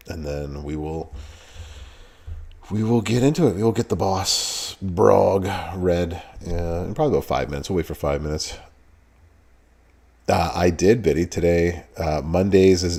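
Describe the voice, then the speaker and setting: A man's voice: extremely low pitch, mellow. A man hosting a live game stream, greeting chat viewers by name in a laid-back, casual way and laughing often. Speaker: streamer host.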